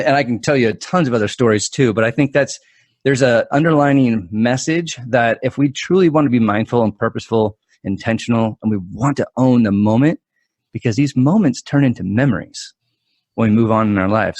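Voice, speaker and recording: A man in his forties, a guest mental performance coach, telling stories in an animated, quick-talking way with frequent restarts. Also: mid-range voice, no echo. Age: 40s. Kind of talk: conversational storytelling.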